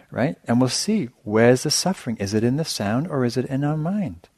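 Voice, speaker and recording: A middle-aged man, a meditation teacher, giving a dharma talk in a relaxed storytelling manner with self-deprecating humor. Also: medium pitch, moderate pace, few pauses, no room sound. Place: meditation center hall.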